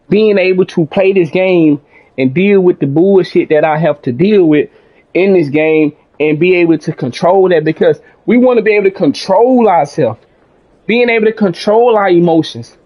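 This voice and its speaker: A man with a fairly high voice talks through his thoughts on a gaming stream, calm and rambling, often restarting his sentences. The audio is dull and lo-fi, like a home stream setup. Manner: calm, rambling and self-reflective with frequent restarts; casual speech with mild swearing. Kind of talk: reflective casual monologue.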